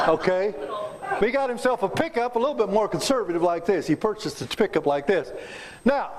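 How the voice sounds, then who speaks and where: An older man with a high voice that swoops up and down a lot tells stories to a club meeting. He speaks in a folksy, joking way and keeps quizzing the crowd. He is a guest speaker from Kansas. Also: a little hiss or hum. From south central Kansas, USA. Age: 70s. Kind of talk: storytelling talk to a club audience.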